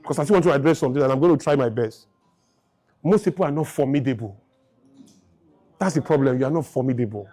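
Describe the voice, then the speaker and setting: A man's voice: medium pitch, quick pace, long pauses, dark tone. A man in his fifties giving a motivational lecture to a live audience, emphatic and firing rhetorical questions. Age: 50s. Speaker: speaker.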